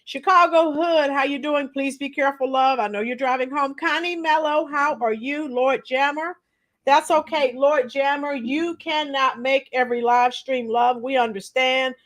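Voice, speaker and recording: A middle-aged woman hosting a casual livestream, greeting viewers by name, her voice a little strained and clearing her throat often. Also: high voice, fairly even intonation, moderate pace, fairly bright tone. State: slightly strained voice after a week of teaching. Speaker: livestream host. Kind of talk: casual live chat with viewers.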